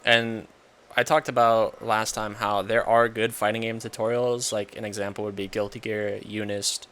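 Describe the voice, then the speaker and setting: A man's voice: fairly low pitch, flat delivery, moderate pace, a bit bright. A man talking casually about video games, rambling with lots of fillers and restarts. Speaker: podcast co-host. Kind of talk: casual gaming chat.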